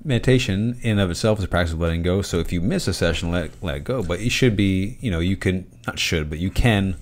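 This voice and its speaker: A man's voice: deep voice, fast talker. A man co-hosting a casual podcast, talking reflectively and swearing casually. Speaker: podcast co-host.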